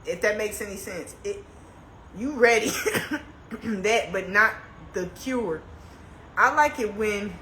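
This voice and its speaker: A woman with a bright, higher voice chats slowly on a phone livestream, laughing and moaning about a stiff, sore neck. Her voice bounces around an echoey room with a faint hiss behind it. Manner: laughing, complaining dramatically, reads comments aloud. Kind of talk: casual livestream chat. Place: indoors, on a couch.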